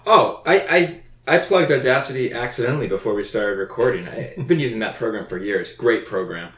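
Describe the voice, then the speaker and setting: A man's voice: mid-range voice, animated, fairly quick, fairly bright tone. A man guesting on a podcast, chatting casually with a wry, teasing manner. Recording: roomy echo.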